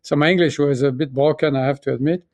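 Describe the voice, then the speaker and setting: A man in his sixties from France with a French accent, speaking as an interview guest and telling his story in a reflective, halting way with many restarts. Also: on the high side, fairly even intonation, darkish tone, no echo. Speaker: guest, pharmaceutical chief executive. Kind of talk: conversational interview.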